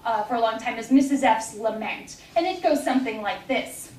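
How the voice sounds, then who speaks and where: A woman telling stories live at a festival in a lively, animated way, voicing the characters as she goes. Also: a little high, moderate pace. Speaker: storyteller. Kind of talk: live storytelling. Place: festival stage. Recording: roomy live hall, distant mic.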